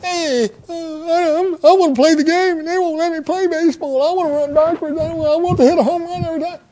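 A man's voice: very high-pitched, fairly even intonation, brisk, mellow, voice pushed up. A man voicing a whiny little boy who complains that the other kids won't let him join their game. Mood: whining. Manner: whining, pleading, run-on complaints.

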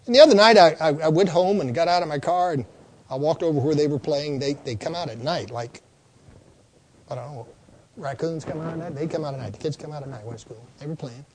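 Folksy older male preacher, slightly high voice. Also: a little mellow. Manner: folksy storytelling, slow emphatic lists and repetitions. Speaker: pastor. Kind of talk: sermon.

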